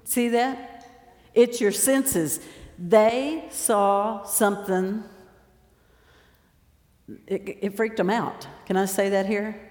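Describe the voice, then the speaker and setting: A woman preacher giving a lively sermon, telling stories and acting out the scenes as she goes. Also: medium pitch, drawn-out words, pauses often. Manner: lively storytelling, acts out scenes. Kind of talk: sermon with stage demonstration. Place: large church hall. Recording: roomy echo, long hall reverb.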